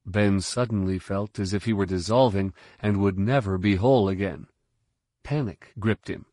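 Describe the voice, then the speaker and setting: A man narrating a novel in a measured, steady way. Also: lowish voice, dry recording, clean studio sound. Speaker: audiobook narrator. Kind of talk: scripted narration.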